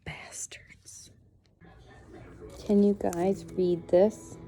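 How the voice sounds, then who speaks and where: Slow, gravelly-voiced woman vlogging. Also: deep voice, a little mellow, soft background music. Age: late 30s. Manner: candid, frustrated venting. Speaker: fasting vlogger. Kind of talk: casual home vlog. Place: at home, in bed.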